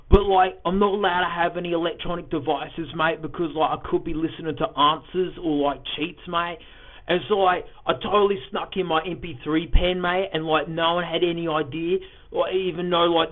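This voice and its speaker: A rambling, stressed young student, squeezing mate into every sentence, as a man puts him on. He sits a little high and sounds tinny and lo-fi, played back off a cheap pen recorder. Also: lightly acted. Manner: rambling, says mate every few words. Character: stressed young male student bragging about cheating.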